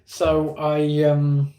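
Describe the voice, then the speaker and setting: A man's voice: a little high, dark tone. A man with an English accent streaming live, chatting casually with viewers in a rambling, self-deprecating way.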